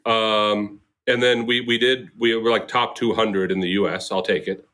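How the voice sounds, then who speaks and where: A man hosting a casual comedy podcast with friends, animated and laughing as he talks. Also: on the low side, moderate pace. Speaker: podcast host.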